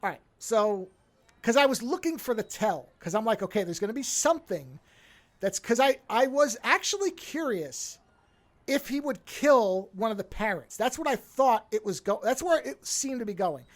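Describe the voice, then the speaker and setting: Slightly high in pitch and moderate in pace, this woman hosts a podcast where she casually recaps a TV episode. She tells it vividly, playing out the quotes and swearing often.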